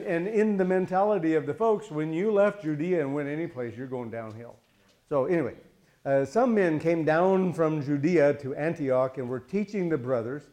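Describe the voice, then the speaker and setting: A man's voice: on the high side, darkish tone. A man leading a Bible study in a loose, conversational way, asking his listeners questions and acting out the people he quotes. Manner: chatty, asks the listeners questions, acts out quotes.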